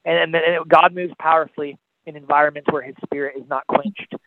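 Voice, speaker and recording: A man's voice: fairly high pitch, steady tone, a little fast, no room sound. A man, an evangelist, preaching with impassioned, pleading, repetitive calls on a podcast. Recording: tinny phone-line sound, dry.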